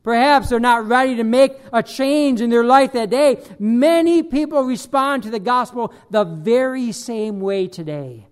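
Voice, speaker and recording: Emphatic high-voiced male preacher. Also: a little slow, hardly any pauses, smooth. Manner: emphatic preaching with sudden loud bursts and dropped quiet lines. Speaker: pastor. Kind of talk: sermon.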